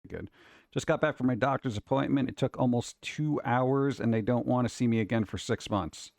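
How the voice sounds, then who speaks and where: A man's voice: mid-range voice, moderate pace, vocal fry, a little mellow, dry recording, clean studio sound. A man hosting a casual stream, chatting playfully and making goofy noises. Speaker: streamer host. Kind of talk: casual chat.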